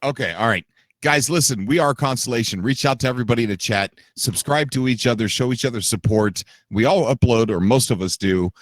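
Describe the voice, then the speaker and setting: A man's voice: medium pitch, a little fast, no echo. A man hosting a game stream in casual chat, joking and laughing often with his co-hosts. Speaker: streamer host.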